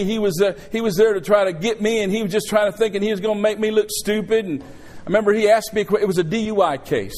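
A man's voice: sits high, a little mellow. A middle-aged male pastor preaching a sermon, telling a story and calling out to his congregation. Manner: call-and-response preaching, storytelling.

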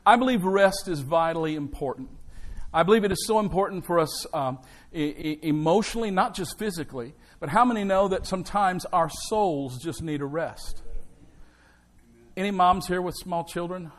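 A man's voice: high-pitched, moderate pace. A male pastor delivering an emphatic sermon in a church, with call and response to the congregation.

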